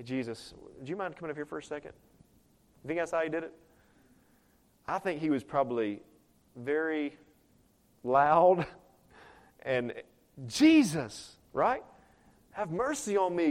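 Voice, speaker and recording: Animated preacher man. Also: a little high. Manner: animated, acts out quoted voices, dynamic loud and soft swings. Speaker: pastor. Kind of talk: sermon.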